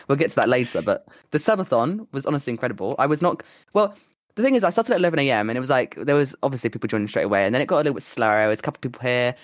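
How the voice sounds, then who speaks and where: Quick lively guy chatting on a podcast, dry close sound, voice jumps all over. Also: mid-range voice, no echo. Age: young adult. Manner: animated, swearing, acting out quotes. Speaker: podcast co-host and streamer. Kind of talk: casual chat.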